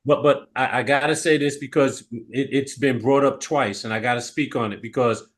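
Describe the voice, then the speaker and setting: A man's voice: mid-range voice, steady tone, moderate pace. A man co-hosting a podcast, giving his opinion in a candid, emphatic way in casual chat. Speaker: podcast co-host.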